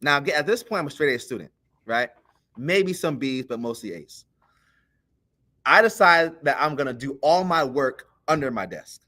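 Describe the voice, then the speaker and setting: A man on a podcast telling a childhood story in a casual, animated way, acting out the voices of the people in it. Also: mid-range voice, moderate pace. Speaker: podcast co-host.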